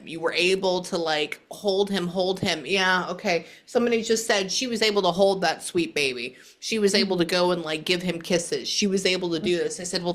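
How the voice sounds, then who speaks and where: A woman psychic medium giving a casual reading, halting often to listen before going on. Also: lowish voice, fairly bright tone.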